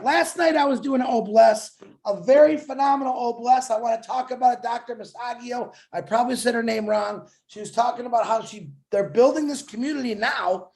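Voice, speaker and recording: Animated joking man co-hosting a webinar. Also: very high-pitched. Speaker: webinar co-host. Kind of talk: casual webinar storytelling.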